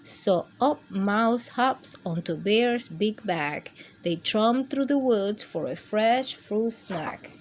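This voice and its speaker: A woman reading picture books aloud to children with a gentle, expressive storytime manner. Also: medium pitch, slow pace, few pauses, slight background noise. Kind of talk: read-aloud storytime for kids.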